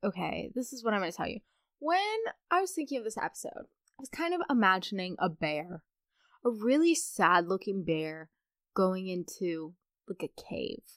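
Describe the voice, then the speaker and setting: A woman's voice: medium pitch, very animated, moderate pace, dry recording, studio quality. A young adult woman hosting a casual solo podcast, chatting in a rambling way with playful asides. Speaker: podcast host.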